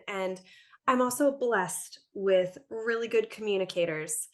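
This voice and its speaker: Woman podcast guest, lively storyteller, laughs a lot, mid pitch, just chatting. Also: a little slow. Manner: animated storyteller, laughs often. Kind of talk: casual conversation.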